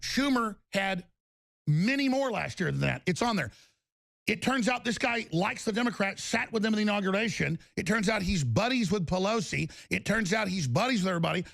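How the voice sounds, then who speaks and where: A male talk radio host holds forth in a heated, insistent rant and hammers his points again and again. His voice sits fairly high and has a rough, gravelly edge. The sound is close and dry. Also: fairly bright tone, no echo. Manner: heated, emphatic ranting with repetition.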